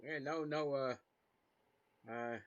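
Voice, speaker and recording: A man's voice: medium pitch, fairly even intonation, slow, highs cut off. A man hosting a casual fan film reaction chat, wrapping up with upbeat, chatty verdicts. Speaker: reaction show host.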